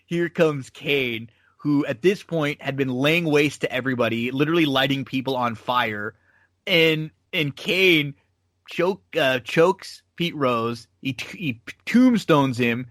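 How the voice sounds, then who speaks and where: A man hosting a podcast, telling wrestling stories in casual, animated chat. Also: mid-range voice, a little slow, no echo. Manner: animated storytelling, recounting matches. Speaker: podcast host.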